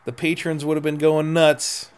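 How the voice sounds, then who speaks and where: A man hosting a podcast, commentating casually over a golf broadcast, excitable and repeating his exclamations. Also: fairly high pitch, moderate pace, clear, resonant tone. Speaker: podcast host.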